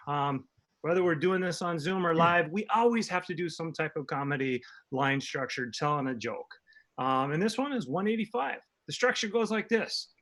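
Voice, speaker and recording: A man's voice: on the high side, fairly bright tone. A man hosting an improv comedy show from home over a video call, explaining game rules upbeat.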